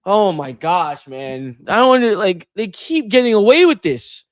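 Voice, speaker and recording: Casual sports co-host, male, higher-pitched and animated, exasperated, dry recording. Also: moderate pace, dry recording.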